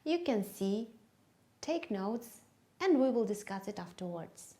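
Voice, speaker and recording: A woman, a native Kyrgyz speaker, demonstrates an English lesson for teachers. She talks at an unhurried, deliberate pace and drills each word with clear, emphatic stress. Her voice sits at an ordinary middle pitch. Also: very animated, mellow.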